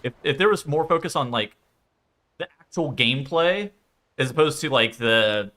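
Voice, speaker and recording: Animated, bright-voiced streamer guy. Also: medium pitch, moderate pace. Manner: profane, rambling, laughs often. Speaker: game streamer. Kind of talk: casual chat on a stream.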